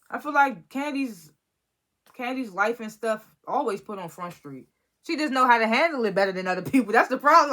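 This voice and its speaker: A woman's voice: on the high side, fairly bright tone. Exasperated woman rambling through a TV recap. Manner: rambling and exasperated, frequent restarts and laughs. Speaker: reality TV recap vlogger. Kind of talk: casual episode review.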